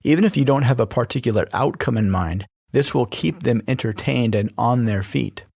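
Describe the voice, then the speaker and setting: A man hosting a podcast, reading scripted instructional narration in a steady, even-paced delivery. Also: medium pitch, normal speed, gravelly, husky, no echo, clean studio sound. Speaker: podcast host teaching persuasion.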